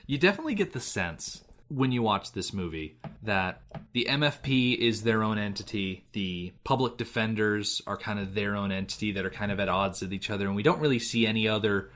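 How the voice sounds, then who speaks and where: A man's voice: lowish voice, lively intonation, fairly quick, fairly bright tone. A man from the United States co-hosting a film podcast, talking in a chatty, rambling way and laughing often. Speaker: podcast co-host. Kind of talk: casual chat.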